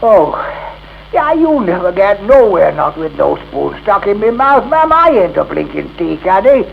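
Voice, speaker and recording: Cantankerous old farmer, West Country accent, high, lively creaky voice, dull old off-air tape. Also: male voice, a little slow, exaggerated voice. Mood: grumbling. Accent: West Country English. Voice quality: creaky, broad rustic drawl with old-fashioned grammar. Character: cantankerous old rustic farmer, stubborn and cheeky. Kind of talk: 1960s radio drama. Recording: dull, lightly hissy 1960s off-air tape.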